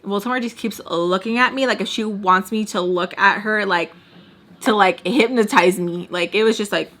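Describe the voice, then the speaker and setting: A young woman in her twenties telling a storytime to camera in a casual, animated way, acting out what people said. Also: medium pitch, normal speed. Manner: animated, acts out other people's lines. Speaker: storytime vlogger.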